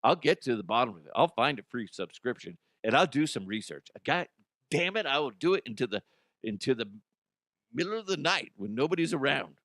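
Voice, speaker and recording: A man's voice: medium pitch, big pitch swings, fairly quick, fairly bright tone, dry recording, clean studio sound. A man hosting a comedic news segment, rambling, swearing and laughing at his own jokes. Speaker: host.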